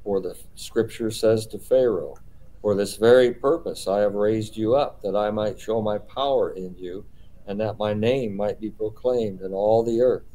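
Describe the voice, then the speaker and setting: A man teaches a small study group, his voice low and mellow. He explains patiently, reading passages aloud and asking rhetorical questions to guide the group. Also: moderate pace, rough recording. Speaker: Bible study leader.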